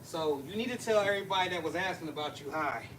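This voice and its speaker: A man hosting a casual livestream chat, chatty and excitable, laughing and teasing as he talks. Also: on the high side, quick pace. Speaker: livestream host. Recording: distant mic with noisy background.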